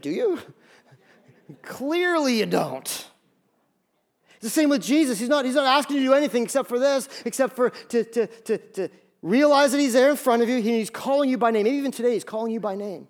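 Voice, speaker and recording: Male pastor, higher register, emphatic sermon delivery, acts out quoted lines. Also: lively intonation, fairly quick. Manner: emphatic preaching with repeated phrases.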